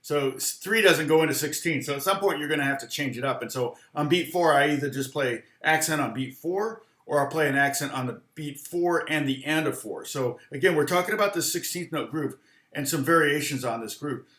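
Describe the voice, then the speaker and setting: A man's voice: on the high side, fairly quick, a bit bright, echoey room. A man teaching guitar in a loose, rambling live lesson, humming rhythms aloud between explanations.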